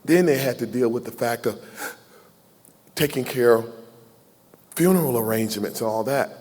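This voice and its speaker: A man's voice: medium pitch, normal speed, darkish tone. Heartfelt man speaking in a reverberant hall. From Southern United States. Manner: heartfelt, folksy and joking, pours his heart out. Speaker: keynote speaker. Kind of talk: emotional speech at a gala, taking audience questions. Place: large banquet hall. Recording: long hall reverb from a ballroom PA.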